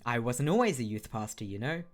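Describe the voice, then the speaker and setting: A man's voice: medium pitch, sing-song, fairly quick, natural voice. A man voicing a laid-back youth pastor dad with a put-on accent. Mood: easygoing.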